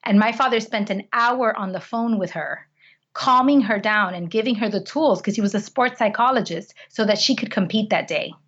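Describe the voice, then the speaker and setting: This woman's voice sits at medium pitch with a fairly bright tone, and she talks at a normal speed. As a podcast guest she tells personal stories earnestly and from the heart, often restarting her sentences. The lo-fi recording sounds slightly dull.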